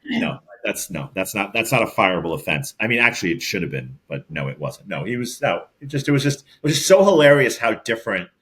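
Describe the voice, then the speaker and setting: A man's voice: on the low side, quick pace. Rambling New York man telling stories. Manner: rambling, animated storyteller with many restarts. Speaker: podcast co-host. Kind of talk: casual chat and storytelling.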